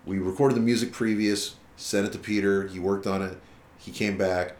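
Deep-voiced man telling a story. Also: normal speed, reverberant. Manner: profane, animated retelling with quoted dialogue. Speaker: musician guest. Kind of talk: casual storytelling interview.

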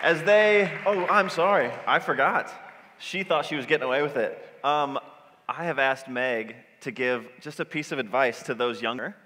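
A man's voice: mid-range voice, normal speed, bright, forceful tone, slight background noise. A man acting as emcee, making brief announcements to the audience at a ceremony. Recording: hall reverb with a crowd behind.

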